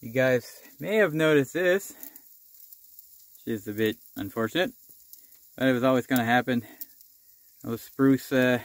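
A man's voice: medium pitch, no room sound. A man from rural New Brunswick, chatting casually to camera in the woods, rambling with fillers and chuckles. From rural New Brunswick, Canada. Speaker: bushcraft channel host. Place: outdoors in the woods. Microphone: camera-mounted shotgun mic.

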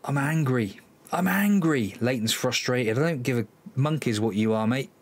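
A man's voice: medium pitch, normal speed. A man hosting a football management let's-play, commenting live on the match, exasperated and sighing, talking to his players. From Cornwall, England.

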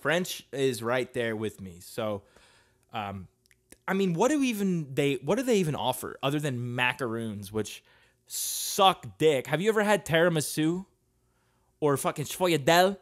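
A man talks slowly through a one-man podcast rant. He is crude and profane, drifting between tangents and bursting loud without warning. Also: a little high, sing-song. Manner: crude, profane and rambling, with sudden loud outbursts. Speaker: podcast host. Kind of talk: casual solo podcast rant.

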